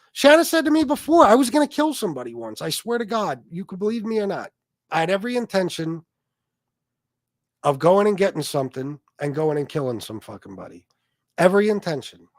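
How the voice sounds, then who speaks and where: Reading and responding to his chat, this livestream host tells stories in a casual, blunt, and profane way. His voice is a little high, and the recording is dry and studio quality.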